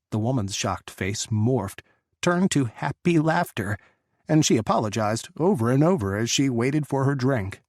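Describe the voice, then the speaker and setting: A man narrating a romance audiobook in a measured, dramatic way. His voice sits at an everyday middle pitch, close to the mic in a dry, deadened studio. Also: dry recording.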